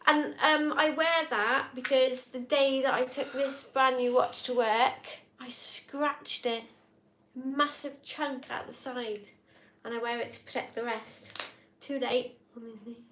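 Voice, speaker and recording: A woman's voice: high-pitched, fairly even intonation, takes it slowly, fairly bright tone, a little hiss or hum. A woman co-hosting a live stream, chatting casually and reading out viewer comments in a rambling, easygoing way. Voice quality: chatty, rambling, laughs easily. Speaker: co-host of a live drinking stream. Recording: echoey room.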